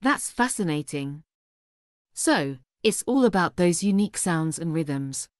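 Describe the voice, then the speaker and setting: Woman, host, clear upbeat delivery, dry close sound. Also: fairly low pitch, lively intonation, unhurried, dry recording. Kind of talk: scripted presenting.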